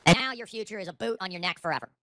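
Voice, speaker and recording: A middle-aged man vents on a livestream from his home, cursing and bitter. His voice is tense and forceful, and his despair is plain. His streaming microphone keeps the sound close. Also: sits high, expressive, very fast, no echo. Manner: bitter, profane, despairing ranting. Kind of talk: livestream rant. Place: at home, seated. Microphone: streaming microphone with auto gain.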